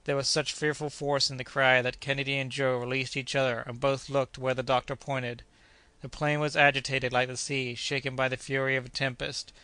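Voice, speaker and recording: A man narrating an adventure audiobook in a measured, steady reading. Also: mid-range voice, smooth, no room sound.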